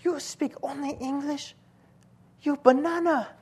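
A man puts on a blunt, scolding woman with a high, thin voice that sits far above his own. She fires clipped, broken questions with open mockery and disbelief. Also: steady tone, unhurried, a little mellow. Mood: incredulous. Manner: clipped, mocking, incredulous.

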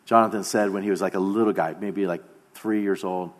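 A man in his thirties preaching a sermon as pastor, earnest, often slowing down and dropping to a quiet voice for emphasis. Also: deep voice, steady tone. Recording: long hall reverb.

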